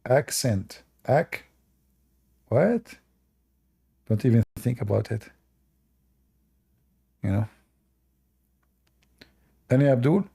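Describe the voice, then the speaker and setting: A man's voice: mid-range voice, very animated, very slow, creaky, pauses often, dark tone, breathy edge. A man with a non-native English accent, hosting a live debate stream with mocking, sarcastic asides. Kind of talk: casual livestream talk.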